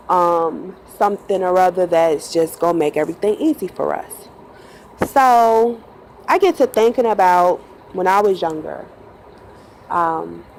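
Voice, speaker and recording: A woman's voice: lowish voice, a little mellow, slight background noise, poor audio. A woman who drives a bus, telling a personal story in a casual, chatty way, laughing often and acting out quotes. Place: in a bus at night.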